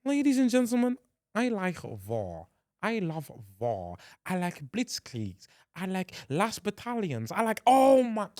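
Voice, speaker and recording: A man's voice: very high-pitched, measured pace, hardly any pauses, warm tone, no echo, clean studio sound, pitched above the performer's own voice. A man putting on a theatrical voice as a gloating male villain giving a speech. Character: grand, gloating male war-loving villain.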